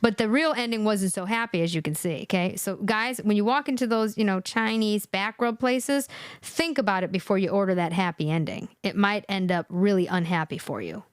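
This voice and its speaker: A woman's voice: mid-range voice, fairly quick, smooth, dry recording, studio quality. A woman hosting a live reaction stream, scolding and talking straight to her viewers. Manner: animated, scolding, talks to viewers. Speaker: livestream host. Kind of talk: reaction commentary to a chat.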